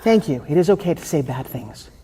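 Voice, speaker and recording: A woman coaching a participant live, blunt and profane, pushing hard and often shouting. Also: low-pitched, animated, a little fast. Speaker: transformational coach. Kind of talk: confrontational live coaching session. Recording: echoey hall with faint noise.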